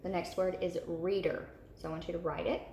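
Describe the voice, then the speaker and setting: A woman teacher giving a slow, repetitive recorded video lesson to third graders. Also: lowish voice, level tone, gravelly, darkish tone, reverberant, a little hiss or hum.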